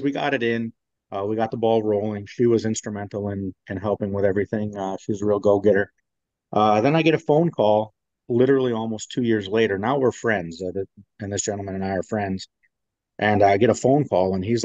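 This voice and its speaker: A man with a lowish voice tells a rambling veteran's story, full of fillers and restarts. The recording is dry and close but dull and lo-fi. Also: a little mellow, no room sound. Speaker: guest, veteran. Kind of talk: casual storytelling in an interview.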